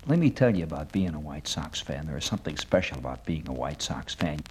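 A man's voice: very deep voice, lively intonation, fairly quick, a little mellow, slightly rough, low-quality recording. A man delivering a wry comic monologue on the radio, building sardonic lists toward a punchline.

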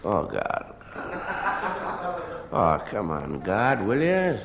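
Comic lead: hungover man on the phone, halting and sheepish, lively swooping delivery, recorded live in a roomy hall. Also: lowish voice, gravelly. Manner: stammering, hesitant, full of uhs and restarts; sheepish and apologetic. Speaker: comedian. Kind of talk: one-sided comic phone monologue. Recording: live recording in a large echoing hall with ambient noise.

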